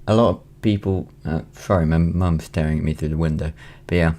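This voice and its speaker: A very deep, dark male voice speaks briskly with fairly level intonation. The speaker is a late-teen Welsh vlogger with a British accent, meandering through a casual home recording with many ums and restarts.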